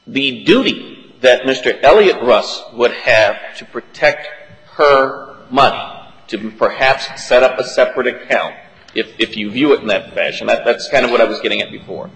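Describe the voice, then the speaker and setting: A man's voice: medium pitch, moderate pace, fairly bright tone. A man serving as an appellate judge, methodically probing counsel with questions during oral argument. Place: large courtroom. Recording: reverberant courtroom.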